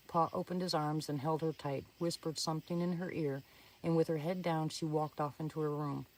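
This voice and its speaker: A woman's voice: sits low, a little mellow. Storyteller woman, earnest suspense reading, some distance from the mic. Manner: earnest, suspenseful telling with small slips and restarts. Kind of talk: reading a first-person story aloud.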